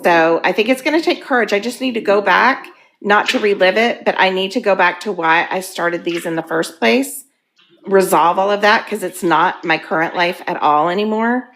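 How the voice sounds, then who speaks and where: A woman in her fifties candidly sharing her recovery story, earnest and halting, weepy and emotional. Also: medium pitch, a bit bright, slight background noise. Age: 50s. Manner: earnest, halting, with frequent ums.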